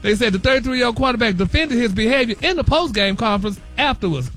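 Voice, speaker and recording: Brief: high-pitched man, sassy celebrity-gossip radio host, light music under him. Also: lively intonation, fast talker, fairly bright tone. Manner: sassy and chatty, calls everyone honey and y'all. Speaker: celebrity news correspondent on a morning radio show. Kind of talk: gossipy radio talk segment.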